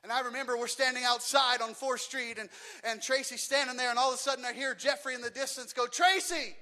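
A man from Louisiana preaching a sermon in church, telling stories and acting out voices, building to shouts. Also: very high-pitched, flat delivery, fast talker.

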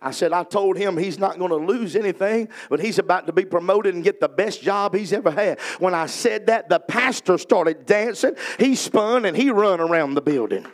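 Evangelist guy preaching at a revival, high voice, folksy, tells stories and does all the voices. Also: normal speed, hardly any pauses. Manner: folksy storyteller, acts out dialogue, rises to loud fervent preaching.

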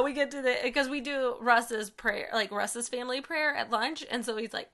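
Bright, chatty young mother on a podcast. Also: a little high, unhurried, gravelly, few pauses. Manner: chatty, enthusiastic, many fillers. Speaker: podcast co-host. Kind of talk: casual chat.

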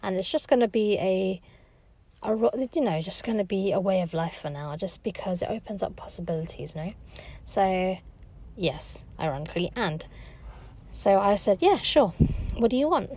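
A woman chats casually about her week in a mellow, warm voice. She laughs often and mimics the people she met. Her pitch sits in a middle range. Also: moderate pace. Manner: chatty, laughs often, acts out other people's lines. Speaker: vlogger. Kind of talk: casual reflective storytelling.

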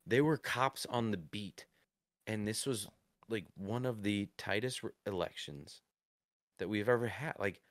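A man with a deep voice rants with profane sarcasm on a podcast. The sound is dry and close, with no room around it. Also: unhurried, dry recording. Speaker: podcast co-host. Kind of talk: casual political chat.

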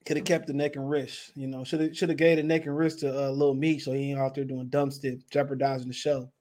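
A man's voice: medium pitch, little pitch movement, quick pace, a little mellow. A man co-hosting a casual podcast, reading quotes aloud, laughing and giving blunt opinions. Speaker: podcast co-host. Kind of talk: casual boxing chat.

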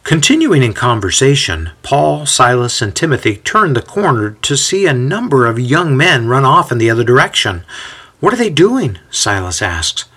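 A man giving a measured, scripted story narration. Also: mid-range voice, sing-song, pushed and bright.

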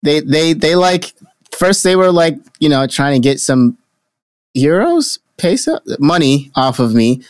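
A man's voice: on the high side, very animated, a little slow, no echo. A young man co-hosting a podcast, telling a travel story in casual chat, rambling and swearing a lot. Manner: rambling, swears a lot, acts out what people said. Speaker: podcast co-host.

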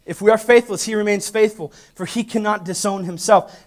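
A man preaching a sermon as pastor, calling out to the congregation and swinging between loud emphatic peaks and hushed asides. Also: high voice, brisk, hardly any pauses. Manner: preaches with call-and-response to the congregation. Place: church.

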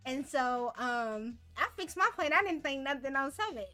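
A woman's voice: sits high, expressive, normal speed, sharp tone, faint music behind. A young woman telling stories in a casual podcast chat, slangy and profane, laughing between phrases.

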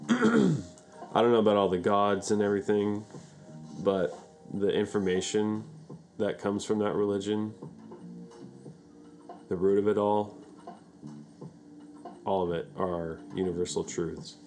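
A man co-hosting a podcast, talking in a relaxed, earnest and reflective way. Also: lowish voice, unhurried, long pauses, slight background noise. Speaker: podcast co-host. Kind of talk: casual chat.

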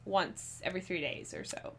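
A woman's voice: fairly low pitch, fairly even intonation, normal speed, vocal fry, husky. A woman co-hosting a podcast in casual chat, laughing often and swearing freely. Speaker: podcast co-host.

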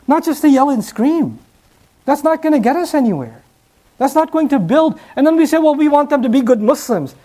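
High-voiced man preaching emphatically. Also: darkish tone. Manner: emphatic, with repeated rhetorical questions. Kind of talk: sermon.

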